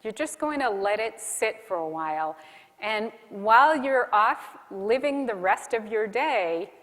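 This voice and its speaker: A woman's voice: on the high side, animated, unhurried, a bit bright. A woman giving a friendly, practical conference keynote talk. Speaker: keynote speaker. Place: conference hall. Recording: reverberant hall.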